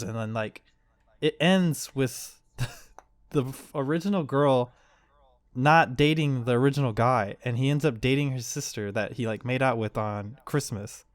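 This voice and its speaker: A man's voice: medium pitch, normal speed, no room sound. A man co-hosting a casual podcast, rambling through a story, laughing often and acting out the quoted lines. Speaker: podcast co-host. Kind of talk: casual chat.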